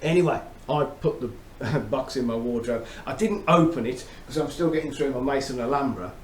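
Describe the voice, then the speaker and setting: A man's voice: mid-range voice, moderate pace. A middle-aged man reviewing fragrances in a chummy, chatty, storytelling way. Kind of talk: casual chat to camera. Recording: roomy echo, faint background noise.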